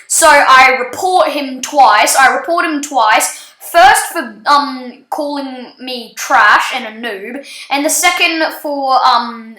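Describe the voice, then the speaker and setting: A woman telling a casual story about something that happened to her in an online game, rambling and halting, with lots of ums and restarts. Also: high voice, sharp tone, reverberant, poor audio. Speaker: gaming channel storyteller.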